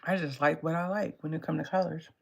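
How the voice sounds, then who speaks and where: Woman, tarot reader, low voice, gravelly fry, blunt, profane, laughs often, casual. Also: steady tone, fast. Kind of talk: casual live tarot reading.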